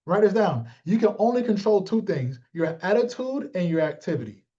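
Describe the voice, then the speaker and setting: A man's voice: sits high, sing-song, normal speed, warm tone, dull audio. A man coaching his sales team in a live motivational talk, blunt and joking, calling on listeners by name and acting out little exchanges.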